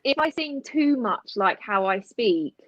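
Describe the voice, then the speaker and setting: A woman with an English accent chatting casually, laughing often and filling pauses with ums. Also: fairly high pitch, expressive, fairly bright tone, no echo, dull audio. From England. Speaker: band member guest. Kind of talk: casual chat.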